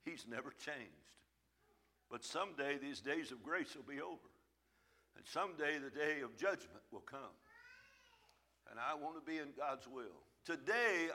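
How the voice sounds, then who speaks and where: A man's voice: medium pitch, expressive, unhurried, pauses often, pushed and bright. A man preaching a sermon in church, emphatic and plain-spoken, his volume swelling and falling back. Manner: folksy, plain-spoken phrasing. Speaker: pastor.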